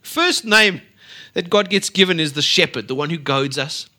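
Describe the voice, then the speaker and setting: A middle-aged male preacher, delivering a lively sermon that swings from loud emphasis to quiet asides. His voice sits high and sounds bright and forceful. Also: moderate pace. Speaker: pastor.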